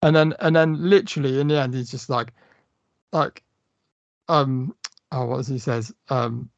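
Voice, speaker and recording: A gravelly man in casual podcast chat, loose and profane as he walks through a movie scene. The sound is dry and close, a little dull in the top end. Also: mid-range voice, moderate pace, no room sound. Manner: animated, swearing, retelling film scenes with quoted lines. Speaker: podcast co-host.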